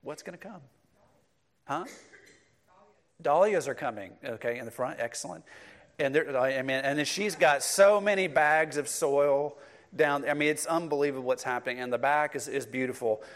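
A man's voice: on the high side, moderate pace, a bit bright. Middle-aged male pastor, conversational sermon delivery, addresses the congregation.

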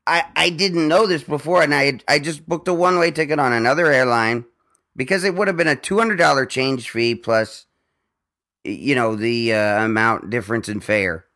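A man's voice: mid-range voice, normal speed, bright, forceful tone. A man hosting a podcast in casual chat, telling a rambling story with lots of restarts and swearing. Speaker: podcast host.

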